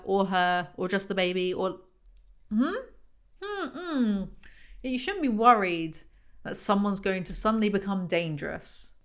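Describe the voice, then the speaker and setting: A woman's voice: medium pitch, a bit bright. Female host for a comedic book review, sarcastic and mocking, reads excerpts aloud.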